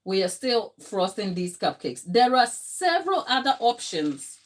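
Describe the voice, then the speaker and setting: A young woman talks slowly and unhurriedly while frosting cupcakes on a livestream. She is chatty and emotional, laughs often and talks straight to her viewers. She sounds a little tired. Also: mid-range voice, sing-song. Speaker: baker hosting a livestream. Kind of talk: live baking tutorial chat.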